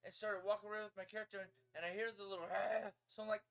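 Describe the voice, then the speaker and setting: A man co-hosting a podcast, chiming in with a relaxed, drawling story and chuckling along. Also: high-pitched, very fast, clean tone. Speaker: podcast co-host. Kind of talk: casual chat.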